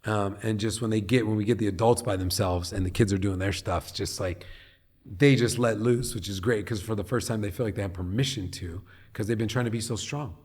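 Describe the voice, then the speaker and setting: A middle-aged man from Long Beach, California, talking as a guest on an interview podcast in an earnest, animated way. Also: fairly low pitch, fairly quick, slightly rough. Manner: earnest and animated, often acting out what people say. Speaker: guest, head of a nonprofit.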